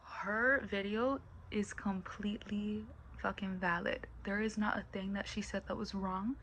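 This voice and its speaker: A woman rambling casually into her camera as a vlogger, blunt and quick to swear. She keeps slipping into hushed, whispered asides. A faint hiss sits under her voice. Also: mid-range voice, fairly even intonation, dull audio. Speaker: commentary vlogger.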